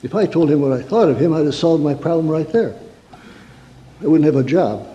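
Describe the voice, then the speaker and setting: A man's voice: fairly high pitch, brisk, mellow, lo-fi sound, a little hiss or hum. A man who works as a counselor, giving a humorous sermon-style talk with stories and rhetorical questions. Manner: storytelling, rhetorical questions, mock-angry asides. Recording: reverberant hall.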